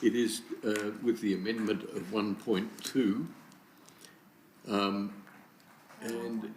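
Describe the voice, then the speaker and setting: A man, a councillor, speaking in a meeting in a hesitant, halting way with many fillers. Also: fairly low pitch, steady tone, a little mellow, a little hiss or hum. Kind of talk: meeting debate. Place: council chamber. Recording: roomy chamber sound.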